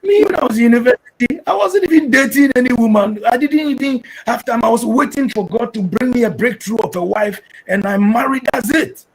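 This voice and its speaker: On a family talk show, a middle-aged Ghanaian pastor talks earnestly in a very high voice, a little fast and with hardly any pauses, over poor audio. He preaches as he speaks and jumps into livelier, animated voices to quote others.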